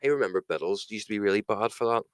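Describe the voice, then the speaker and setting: Racing through casual, profanity-heavy banter, this male podcast co-host has a fairly low, clear, resonant voice in a dry, studio-quality recording. He swears constantly and performs quotes in exaggerated mock voices.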